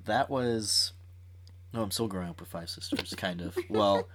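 A man's voice: low-pitched, normal speed, heavy background noise. A young man chatting as a podcast guest, rambling and self-mocking with lots of fillers. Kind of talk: casual chat.

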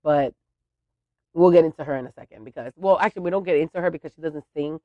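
A woman's voice: low voice, fast talker, dry recording, highs cut off. A woman hosting a podcast who chattily tells a funny story about her family. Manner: chatty, animated, laughs at her own story. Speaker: podcast host. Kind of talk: casual storytelling.

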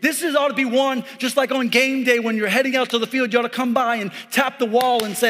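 A man preaching a lively, conversational sermon as a pastor, calling out to his congregation. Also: very high-pitched, quick pace, hardly any pauses, big-room sound. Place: church sanctuary.

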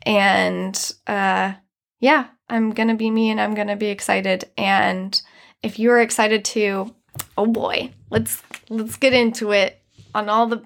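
A woman's voice: mid-range voice, steady tone, slow, creaky. A young woman hosting a podcast, talking alone in a chatty, earnest way with many fillers. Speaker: podcast host. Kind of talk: casual solo monologue.

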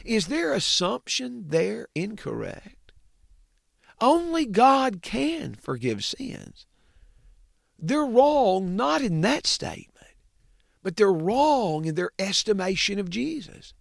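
High, lively, slow-preaching man. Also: creaky, no room sound, clean studio sound. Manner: expressive preaching, swings from booming emphasis to hushed low drops. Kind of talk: sermon.

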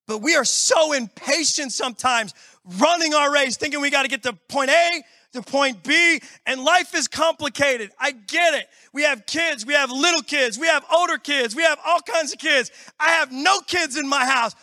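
A middle-aged male pastor preaching to a congregation in a church, animated and exclamatory, acting out everyday scenes as he talks. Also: very high-pitched, moderate pace, no echo. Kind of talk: sermon.

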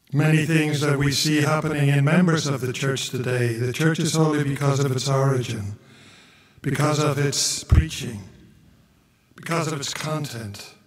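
A priest delivers a homily in an unhurried, deliberate way, his voice sitting a little high for a man. The sound is distant and echoey, as if caught from across a big church. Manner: slow, measured preaching with chanted gospel reading.

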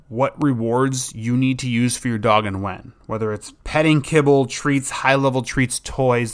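A young adult man who hosts a podcast and trains dogs, talking casually and rambling a bit, sometimes acting out an excited dog. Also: medium pitch. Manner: rambling, relaxed, acts out excited dog voices. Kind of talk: casual solo podcast talk.

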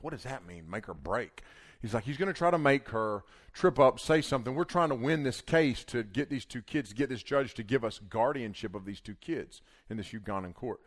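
A man telling a long story in a casual, animated way, acting out the quotes. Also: medium pitch.

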